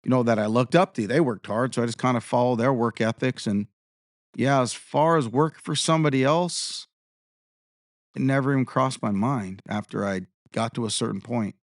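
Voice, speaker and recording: A man in his fifties chats casually as an interview guest, winding through anecdotes and acting out quoted exchanges. His voice sits at an ordinary middle pitch. The sound is close and dry, with no room echo. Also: normal speed. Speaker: interview guest, tribal chairman and contractor.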